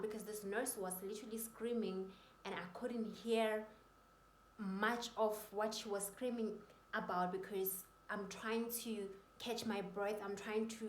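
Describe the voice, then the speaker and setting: A woman's voice: medium pitch, a little hiss or hum. A woman vlogger telling her personal story in an earnest, emotional and faith-filled way. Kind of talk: personal testimony. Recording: roomy echoey room.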